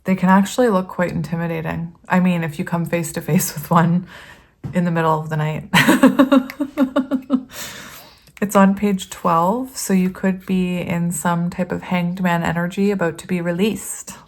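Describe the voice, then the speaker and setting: A woman's voice: fairly low pitch, fairly even intonation, measured pace. A woman giving a casual tarot reading to her viewers, chatty and rambling, often laughing and reading card meanings aloud. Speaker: tarot reader.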